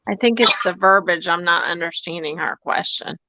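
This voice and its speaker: A woman's voice: lowish voice, moderate pace, bright, forceful tone, no echo, lo-fi sound. A woman giving a casual psychic reading on a live stream, hesitant, with fillers and small laughs. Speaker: psychic reader.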